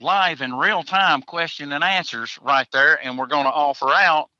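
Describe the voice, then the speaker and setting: Man, forties, very bright tense voice, folksy jokey talk, muffled lo-fi sound. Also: on the high side, normal speed, no room sound. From Tennessee, USA. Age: 40s. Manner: folksy, joking, chuckles between answers. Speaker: guest hunter. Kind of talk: casual podcast interview.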